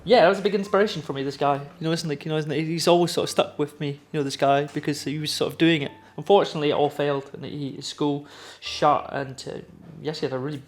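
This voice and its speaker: A man's voice: a little high, steady tone, fast, hardly any pauses, echoey room. A Scottish man from Edinburgh, a tattoo artist talking in a documentary interview, rambling and full of "you know". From Edinburgh, Scotland.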